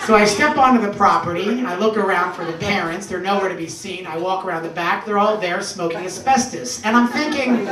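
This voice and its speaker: A man performing a stand-up comedy set, telling stories animatedly and shouting punchlines in put-on voices. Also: sits high, a little fast, hardly any pauses, a crowd in the background. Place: small comedy club stage. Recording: roomy club sound from a distance with audience. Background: audience laughter.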